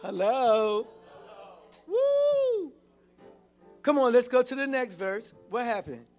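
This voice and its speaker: A man's voice: very high voice, very animated, slow, darkish tone, faint music behind. A male pastor preaching a sermon with call-and-response, often repeating and restarting his phrases.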